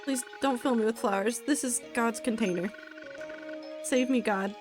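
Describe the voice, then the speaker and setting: A panicked man begs not to be wiped away, his voice climbing high and tight, as a woman puts him on. His pleas come frantic and fast, with music faintly behind. She reads the game lines aloud. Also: lightly acted. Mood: pleading. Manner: pleading, frantic. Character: panicked man being erased by mind hacking. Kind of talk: reading game dialogue aloud.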